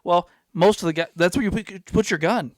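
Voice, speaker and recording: A man's voice: sits high, fairly quick, no room sound, studio quality. A man hosting a casual podcast, telling stories at length and acting out what people said. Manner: rambling storyteller, acts out quotes. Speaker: podcast host.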